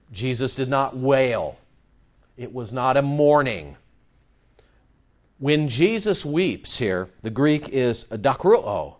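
A male pastor preaching a sermon with emphatic stress that swings between loud points and soft asides. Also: medium pitch, muffled recording.

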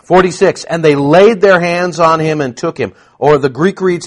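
A man preaching a sermon, shifting from hushed asides to loud, stressed peaks and repeating words for emphasis. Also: a little high, expressive, brisk, hardly any pauses.

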